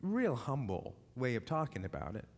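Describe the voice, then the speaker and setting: A minister preaches in a church hall, shifting from rousing, repeated calls to action into a personal story. His voice is mid-range and very animated, at a normal speed, and the large hall gives the recording a long reverb.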